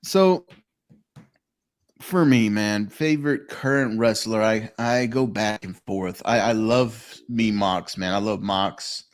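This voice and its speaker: A man's voice: lowish voice, slow pace. Profane storytelling podcast host man. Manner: profane, storytelling, laughing often. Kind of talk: casual chat. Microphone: phone call.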